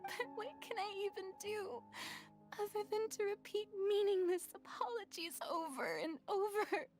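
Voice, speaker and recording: A woman's voice: extremely high pitch, normal speed, soft background music. A woman voicing a dramatic, proud young female ruler in a game, theatrical and haughty while hiding guilt. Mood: despairing.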